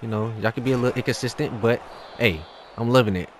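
A man giving live commentary over his own gameplay as a YouTuber, ranting in exasperation and swinging between muttering and shouting. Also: mid-range voice, quick pace, a little hiss or hum. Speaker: gaming YouTuber.

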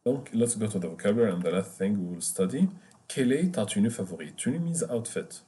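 Low, mellow-voiced man teaching French. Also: expressive, quick pace. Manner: explains French words in English, repeats key phrases, hesitant fillers. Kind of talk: bilingual language lesson.

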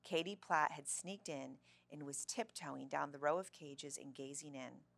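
Brief: woman reads a children's chapter book aloud, low-pitched, gravelly, close and dry. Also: measured pace. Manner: expressive storybook reading. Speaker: children's story reader. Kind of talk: reading a children's novel aloud.

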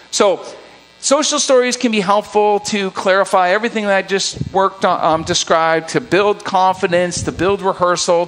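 Middle-aged man, high-pitched, speaking to parents at a school forum, lively storyteller, echoing auditorium. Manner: animated storytelling with acted quotes. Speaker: school psychologist presenting to parents. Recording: long hall reverb.

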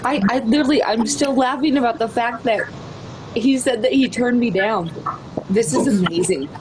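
A woman's voice: fairly high pitch, normal speed, noisy background. A woman chatting casually on a live stream, teasing and cursing freely. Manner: laughing, teasing, swears freely. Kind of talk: casual chat.

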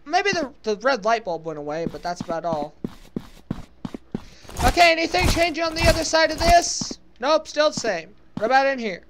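A woman's voice: sits high, background noise. A woman playing a horror game and commenting as she goes, reacting with fright and sympathy. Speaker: let's play gamer.

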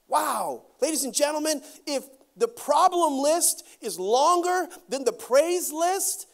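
A man preaching a sermon as pastor, animated, acting out quotes and adding quick asides. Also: extremely high pitch, creaky.

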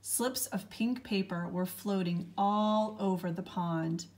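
A woman narrating a children's storybook aloud with a clear, gentle storytelling delivery. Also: medium pitch, slow.

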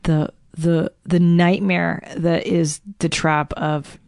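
A woman's voice: on the low side, little pitch movement, takes it slowly, creaky, a little mellow, no room sound, clean studio sound. A woman guest on a podcast, talking candidly and self-deprecatingly and swearing freely. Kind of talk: candid conversation.

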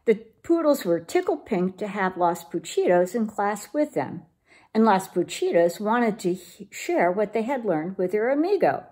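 A woman reading a children's picture book aloud in an expressive, lively way. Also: mid-range voice, moderate pace. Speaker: storyteller.

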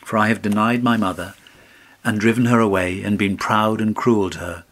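A man's voice: on the low side, steady tone, normal speed, fairly bright tone. An actor reading an audiobook, voicing a proud, cruel young boy who speaks in a haughty, scornful way. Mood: remorseful.

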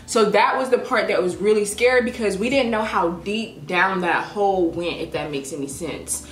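A young woman vlogger telling a story in a casual, dramatic, animated way. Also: mid-range voice, normal speed, a little hiss or hum. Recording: echoey room with faint music.

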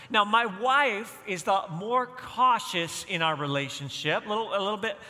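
High, bright-voiced man preaching in a hall. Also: lively intonation, moderate pace, few pauses. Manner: storytelling, emphatic repetition. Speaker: pastor. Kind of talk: sermon. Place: church.

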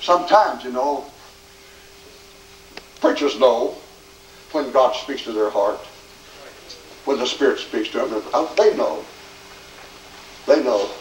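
A man preaching a revival tent sermon, fervent and swinging from near-shouting to hushed tones. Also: medium pitch, takes it slowly, pauses often, slight background noise. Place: large tent meeting. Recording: echoey, distant, faint ambience.

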